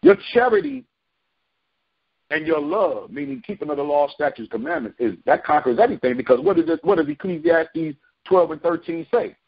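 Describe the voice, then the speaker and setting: Man, bible study leader on a lo-fi call, lively, slightly husky, repeats himself for emphasis. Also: on the high side, brisk. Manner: preachy, repeats phrases for emphasis. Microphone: phone conference call. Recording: dull lo-fi phone call.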